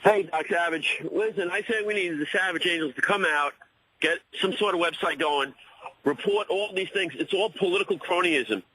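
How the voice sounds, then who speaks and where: A man phones in to a talk radio show, his voice pitched high as he rambles and searches for words. A faint noise sits behind the call. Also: normal speed, sharp tone, low-quality recording. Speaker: radio caller.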